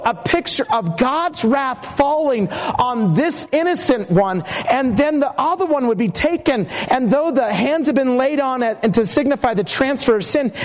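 A man preaching a sermon with emphatic, measured phrasing, sometimes slowing to draw out words and telling stories along the way. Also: extremely high pitch. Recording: long hall reverb.

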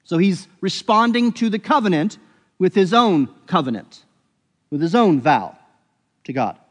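A man's voice: high-pitched, expressive, unhurried, big-room sound. A man preaching a sermon, earnest and explanatory, often correcting himself mid-thought as he walks through a scripture passage. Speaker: pastor.

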